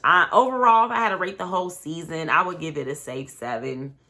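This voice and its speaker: A young woman with a low but bright voice, talking through a reality show episode in a relaxed, chatty way. She keeps slipping into the quotes, playing out each line the people said. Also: a little fast. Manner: chatty, retells scenes by acting out quotes. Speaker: reality TV commentator and show host. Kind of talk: casual recap commentary.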